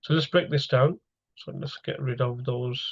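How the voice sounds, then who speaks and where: A man's voice: mid-range voice, fairly even intonation, normal speed, lo-fi sound. A man teaching an online grammar lesson over slides, explaining step by step and asking his students questions.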